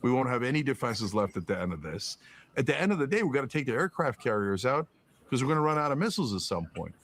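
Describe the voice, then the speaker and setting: Male podcast guest, mid-pitched, heated and profane, rapid rhetorical jabs. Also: sing-song, fairly bright tone. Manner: emphatic, profane, rhetorical questions, mocking put-on quotes. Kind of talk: political commentary in conversation.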